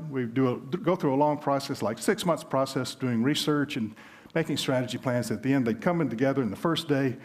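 A male preacher with a Southern US lilt delivers a sermon in a relaxed, conversational tone. His voice sits at an ordinary middle pitch. He moves easily from teaching into storytelling. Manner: conversational preaching with illustrative stories. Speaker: pastor.

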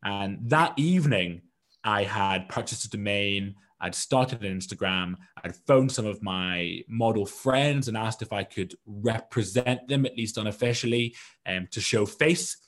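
In an interview, a UK-born guest entrepreneur casually tells his story in a rambling, self-deprecating manner. His voice is on the low side with a fairly bright tone, and he takes his time speaking.

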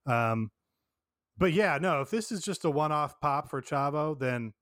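A man's voice: fairly high pitch, lively intonation, unhurried, a bit bright, no room sound, clean studio sound. Wry male podcast co-host. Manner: wry, joking, acts out quotes. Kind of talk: casual wrestling recap chat.

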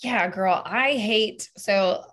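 A woman's voice: medium pitch, extremely slow. A young woman, a singer-songwriter guest, chatting openly and laughing often in a casual interview. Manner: open, animated, laughs often.

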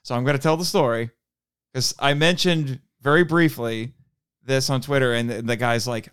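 A man's voice: medium pitch, normal speed, clean tone, no echo, studio quality. A man from Indiana co-hosting a podcast, telling stories in casual chat, laughing often and acting out what people said. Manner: animated storyteller, laughs often, acts out quotes. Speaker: podcast co-host.

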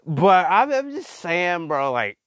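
A man's voice: high voice, very animated, slow, a bit bright, dry recording, clean studio sound. A man vlogging in a casual monologue who stammers and repeats words, talks in slang and calls his listeners y'all and bro.

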